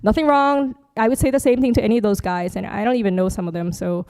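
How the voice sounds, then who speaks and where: A woman's voice: medium pitch, steady tone, fast talker, warm tone. A woman, a Buddhist nun, giving a chatty, joking dharma workshop talk with slides. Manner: chatty, joking asides, laughs often.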